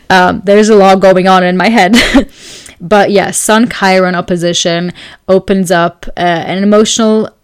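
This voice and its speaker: A woman's voice: fairly low pitch, smooth, dry recording. Woman astrologer hosting her own channel, loose and talkative, plenty of fillers, dry room. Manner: chatty and searching for words, with frequent fillers and light laughs; speaks several languages. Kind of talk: casual explanatory monologue.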